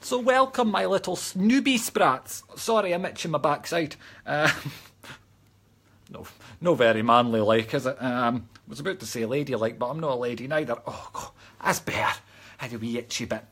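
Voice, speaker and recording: A Scottish man sits by a Christmas tree at home, hosting a laid-back live stream as a psychic medium and playfully reading and answering viewer comments. He speaks at a medium pitch and normal speed, his voice gravelly, slightly bright and edged with breath, heard through a close webcam mic.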